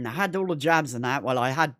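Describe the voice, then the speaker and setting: A man's voice: on the high side, very animated, normal speed, no echo, clean studio sound. A man chatting casually on a gaming livestream, rambling, repeating himself and swearing constantly. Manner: rambling, repetitive, heavy swearing.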